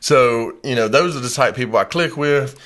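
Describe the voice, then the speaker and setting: A man hosting a casual podcast, his voice sitting at an ordinary middle pitch. He rambles through stories in a loose, relaxed way, swearing freely and leaning on fillers. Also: a little fast. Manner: relaxed, profane storytelling with lots of fillers. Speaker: podcast host.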